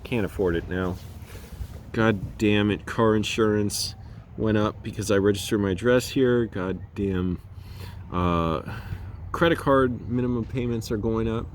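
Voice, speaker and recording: A man's voice: fairly low pitch, a little slow, slight background noise. A man vlogging outdoors while he walks, rambling in a chatty way and laughing at himself. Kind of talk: casual vlog monologue. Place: outdoors walking around a complex.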